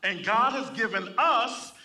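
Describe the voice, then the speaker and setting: A man's voice: very high-pitched, unhurried, bright, forceful tone, far from the mic. A man preaching a sermon in church, reading scripture and calling for responses from the congregation. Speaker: pastor.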